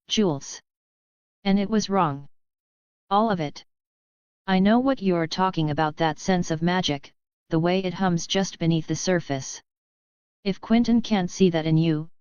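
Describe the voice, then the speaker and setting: A woman reading the part of a confident, smirking young male warlock who speaks calmly and firmly. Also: on the low side, unhurried, pauses often, clean tone, no echo, dull audio, close to an everyday voice. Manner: calm, firm, knowing.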